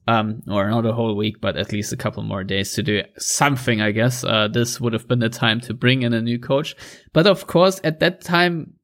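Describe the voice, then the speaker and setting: A man with a German accent hosting a casual football podcast, chatty and relaxed. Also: mid-range voice, moderate pace. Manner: relaxed, chatty, laughs easily. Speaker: podcast host.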